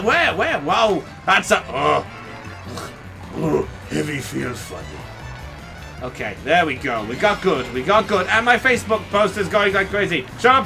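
Excitable high-voiced man streaming a game. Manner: excitable, laughs often, talks to viewers. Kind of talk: live gaming stream commentary.

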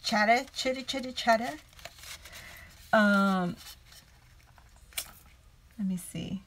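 Chatty lady crafting on a home livestream, takes her time talking, laughs a lot, says hi to everyone. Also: lowish voice. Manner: chatty, laughs often, greets viewers by name. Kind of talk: casual livestream chat while crafting.

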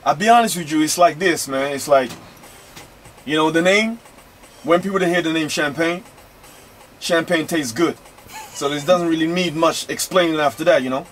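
A man's voice: fairly high pitch, normal speed, pauses often, slight background noise. A man from London with an American Southern accent, a rapper guest talking laid-back and slangy in a radio studio. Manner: laid-back, slangy, many fillers like "man" and "you know". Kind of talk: casual radio interview.

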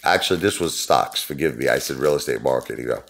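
A man's voice: very deep voice, animated, quick pace, fairly bright tone, a little hiss or hum. A middle-aged man hosting his own channel, telling rambling stories in a joking, self-mocking way. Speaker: YouTube host. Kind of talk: casual rambling vlog talk.

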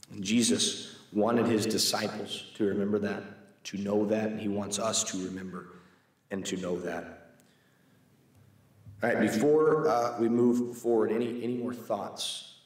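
A man teaching a church Bible class in a conversational way, reading scripture aloud and asking the class questions. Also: on the low side. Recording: echoey room, mic far off.

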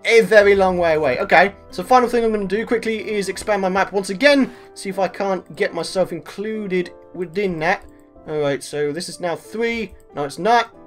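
A man with a British accent giving excitable let's-play commentary as a gaming video host, talking to himself, repeating phrases over and over and swearing mildly. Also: sits high, moderate pace, faint music behind. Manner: mild swearing, talks to himself.

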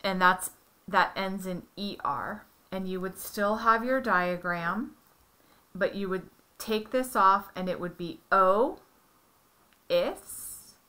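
A bright-voiced woman works through a lesson with one student. She speaks slowly and patiently, building each point step by step with examples. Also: on the low side. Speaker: tutor.

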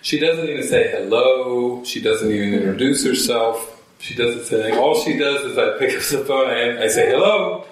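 A man's voice: mid-range voice, normal speed. Echoey storytelling man in a church hall. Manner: animated, acts out quotes in shifting voices. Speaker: spiritual teacher. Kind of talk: storytelling talk to a gathering. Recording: very echoey room, mic far off.

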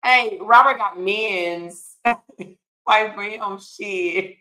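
A livestream host with a medium-pitched voice draws out her words with a sharp tone. In her casual stream she reads viewer comments aloud, laughs often, and calls her viewers y'all, child, and honey.

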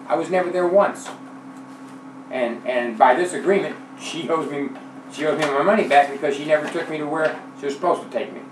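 A man calmly explaining a complaint against his landlord, halting, with many restarts and fillers. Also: fairly high pitch, slight background noise. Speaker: tenant. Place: inside a rented house. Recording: echoey room, voice from far off.

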